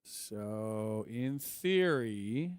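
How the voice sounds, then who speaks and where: A man talking to himself as he installs music software. He mutters, swears and gets frustrated as it keeps failing. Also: on the low side, lively intonation, extremely slow, smooth. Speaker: music producer vlogger. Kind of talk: casual screen-recording chat.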